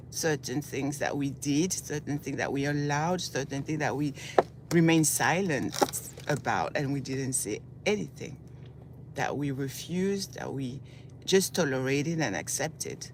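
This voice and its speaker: An animated, unhurried vlogger with a very deep morning-groggy voice, born in Senegal and raised in southern France, shares fervent commentary on her way to work. Out on a city street with traffic noise behind her, she builds her case through repeated lists.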